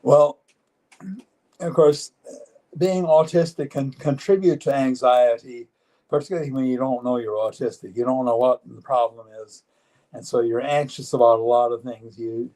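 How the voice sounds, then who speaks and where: Older male interview guest, 70s, mellow dark tone, earnest and plain-spoken, halting phrasing. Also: medium pitch, rough recording. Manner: earnest, matter-of-fact, halting with frequent restarts. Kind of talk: live-streamed personal interview.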